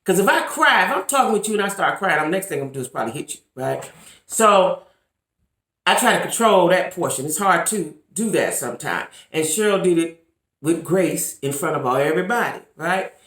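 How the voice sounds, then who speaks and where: A woman's voice: on the low side, lively intonation, brisk, a bit bright, reverberant. A woman vlogging to camera in casual commentary, emphatic and repetitive, talking straight to her viewers. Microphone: camera mic.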